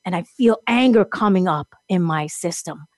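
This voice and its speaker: A woman telling a long personal story in casual chat, animated and laughing often as she acts out what people said. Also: fairly low pitch, moderate pace, no echo, studio quality. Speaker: guest.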